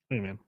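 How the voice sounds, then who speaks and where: A man hosts a casual livestream, reading viewers' comments out loud and answering them in a loose, joking, rambling way.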